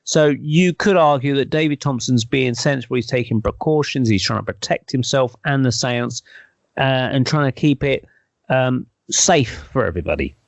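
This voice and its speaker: Gravelly guy musing and hedging, no room sound, muffled audio. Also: mid-range voice, moderate pace, no echo. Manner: thoughtful, hedging, speculative. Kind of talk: casual chat, explaining at length. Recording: dull, dry lo-fi recording.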